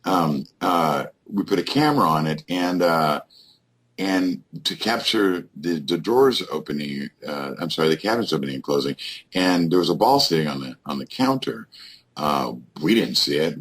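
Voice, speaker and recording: A man's voice: sits low, fairly bright tone, husky. A man, a guest on a radio show, telling a rambling ghost-hunting story full of fillers and restarts. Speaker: guest paranormal investigator.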